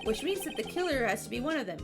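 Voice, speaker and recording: A woman's voice: on the high side, big pitch swings, rapid-fire, over music. A woman voicing a young male defense lawyer, plain and matter-of-fact. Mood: focused.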